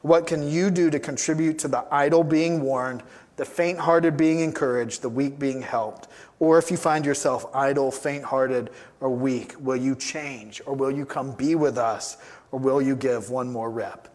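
A man's voice: mid-range voice, fairly even intonation, unhurried, a little mellow. Emphatic man preaching a sermon. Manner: emphatic, repeats key phrases. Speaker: pastor.

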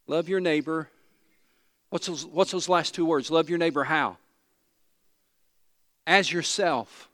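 A man preaches in a fairly high voice, slowing to drive home repeated phrases. His words ring out with the long reverb of a large church hall. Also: a bit bright. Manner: emphatic preaching, slows and repeats key phrases. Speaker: pastor. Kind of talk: sermon.

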